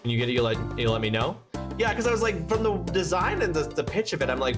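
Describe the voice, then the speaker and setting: A game streamer chatting casually and wryly while playing, swearing now and then, in a mid-pitched voice. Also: big pitch swings, fast talker. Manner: chatty, wry, with bursts of swearing. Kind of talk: casual let's-play commentary. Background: loud game music.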